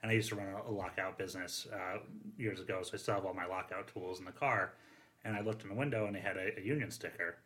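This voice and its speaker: Firefighter guy telling stories, kinda low but bright voice, rambles a lot. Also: steady tone, fast. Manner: rambling anecdotes, acts out quoted dialogue. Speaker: firefighter and former union president. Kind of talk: casual storytelling on a podcast.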